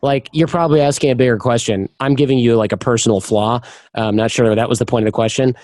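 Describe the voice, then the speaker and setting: A man's voice: medium pitch, fairly even intonation, quick pace, darkish tone, dry recording. A man as a podcast guest, chatting candidly in an interview and telling personal stories, often acting out the voices of the people in them. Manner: candid storyteller, acts out quoted voices. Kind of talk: casual interview chat.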